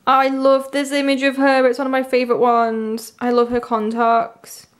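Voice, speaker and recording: Excitable young woman unboxing an album. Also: a little high, moderate pace. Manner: chatty, gushing, many "like" fillers; squeals with excitement over a lucky pull. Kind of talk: casual unboxing chat.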